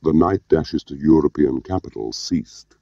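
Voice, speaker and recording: A man narrating an audiobook in a measured, understated way. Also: a bass voice, animated, gravelly, warm tone, no echo. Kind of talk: scripted narration. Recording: dull lo-fi audio.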